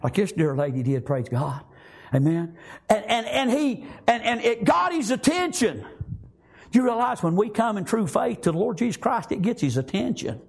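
A fervent preacher delivers his sermon in a strikingly high, husky voice. His pitch leaps up and down as he works through his message. He punctuates nearly every line with amens and praise Gods. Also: sing-song, moderate pace. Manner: fervent, repeats amen and praise God often.

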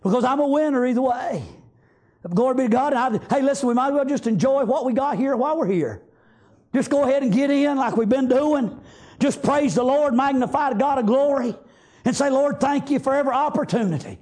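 A preacher, delivering a fervent sermon in a chanting rhythm, often breaking into shouts. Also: male voice, very high-pitched, brisk.

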